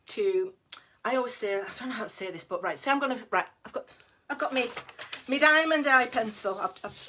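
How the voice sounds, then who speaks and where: Middle-aged woman, bright bit high voice, blunt chatty pep talk, laughs a lot. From United Kingdom. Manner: chatty, blunt and down-to-earth, laughs often, many restarts. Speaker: network marketing team leader. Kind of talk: casual motivational talk to camera.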